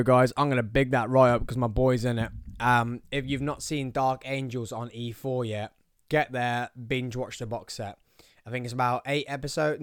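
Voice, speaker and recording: A man in his thirties with a Birmingham accent chats through his solo podcast, joking and wandering off on tangents. His voice sits at an ordinary pitch, and the sound is close and dry with no room echo. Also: clean tone. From England. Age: 30s. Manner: rambling, jokey, goes off on tangents. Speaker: podcast host. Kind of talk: casual solo podcast chat. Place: small studio.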